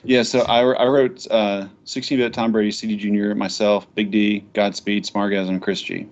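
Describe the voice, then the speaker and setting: A man hosting a casual gaming podcast, talking in a rambling, profane and excitable way. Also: on the low side, moderate pace, highs cut off. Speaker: podcast host.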